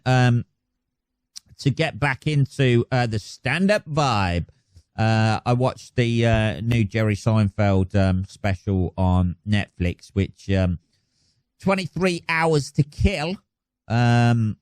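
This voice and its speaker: A man's voice: medium pitch, clean tone, no echo. A man hosting his own podcast alone, chatting casually in a rambling, sweary, self-mocking way. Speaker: podcast host. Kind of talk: casual solo podcast chat.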